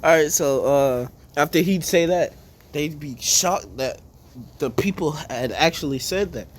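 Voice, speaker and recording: A man casually spinning a made-up story in a relaxed, slangy way. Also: on the high side, unhurried, slight background noise. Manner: relaxed, slangy, laid-back telling.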